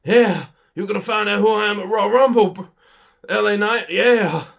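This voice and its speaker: A man's voice: high voice, normal speed, creaky, fairly bright tone, pitched above the performer's own voice. A man doing an impression of a swaggering male wrestler cutting a short, boastful promo. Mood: cocky.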